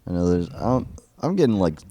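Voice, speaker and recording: A man's voice: low-pitched, big pitch swings, fairly quick, dark tone, no echo. A young man co-hosting a podcast, joking around in a crude, rambling, casual chat. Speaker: podcast co-host.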